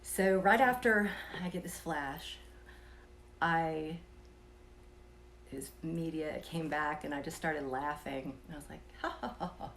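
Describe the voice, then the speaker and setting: A woman telling a personal story in a casual, soft-spoken way, sometimes dropping to a whisper and chuckling between thoughts. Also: low-pitched, measured pace, pauses often, a little hiss or hum. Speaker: vlogger telling a personal experience.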